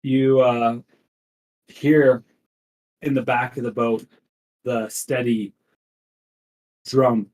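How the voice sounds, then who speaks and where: A male game master narrates a tabletop game at an unhurried, measured pace. His voice sits in a middle pitch, and he builds the scene in careful steps. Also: steady tone, darkish tone, low-quality recording. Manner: slow, deliberate scene-setting.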